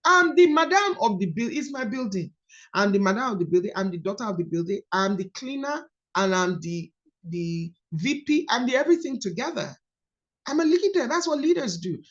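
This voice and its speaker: A woman's voice: medium pitch, expressive, brisk, dull audio. A woman leading a book study coaching call, repeating key phrases for emphasis.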